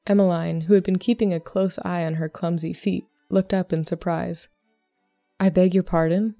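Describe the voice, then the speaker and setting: A woman narrates a short story in measured, scripted storytelling. Her voice is lowish and mellow. The recording is close and very dry, with no room sound. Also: fairly even intonation, creaky, no echo, soft background music. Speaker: podcast host reading a story.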